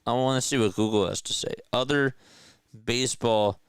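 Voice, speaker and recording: Smooth-voiced casual play-by-play man. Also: medium pitch, normal speed, no echo. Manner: casual, chatty, talks to viewers. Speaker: play-by-play host. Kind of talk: amateur play-by-play commentary with chat.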